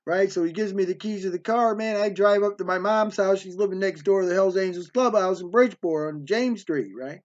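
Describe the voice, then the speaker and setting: Speaking high and fairly quick with hardly any pauses, a middle-aged storyteller rambles through stories from his life in a streetwise way. He peppers his lines with "man" and "right" in this casual monologue, recorded lo-fi in a hotel room.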